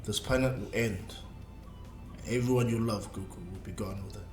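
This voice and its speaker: Man voicing Cell, a slow menacing android villain. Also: fairly even intonation, close to an everyday voice. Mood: threatening. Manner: slow, low taunting delivery. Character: menacing male bio-android villain, cold and boastful. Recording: echoey room, faint music.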